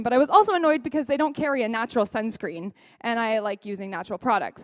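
A woman telling a personal testimony in a sermon, as a lively storyteller who acts out the dialogue. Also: a little high, no room sound. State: briefly choked up. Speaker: speaker sharing a personal testimony.

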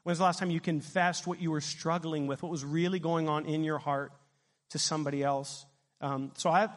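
Middle-aged male pastor, lively preacher who quizzes the congregation; high pitch, reverberant church hall. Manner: animated preaching, asks the congregation questions. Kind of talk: sermon.

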